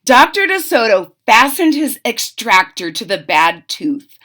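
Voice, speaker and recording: Woman teacher doing a storybook read-aloud, higher voice, slow and animated, asides to the kids. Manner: expressive, chatty asides to the class. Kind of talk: reading a picture book aloud to children.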